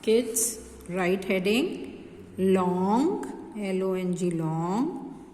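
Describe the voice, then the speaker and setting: A woman's voice: medium pitch, lively intonation, very slow, dark tone, long reverb tail. A woman with an Indian accent teaching phonics to young children, spelling words out letter by letter and stretching the vowel sounds. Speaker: kindergarten teacher.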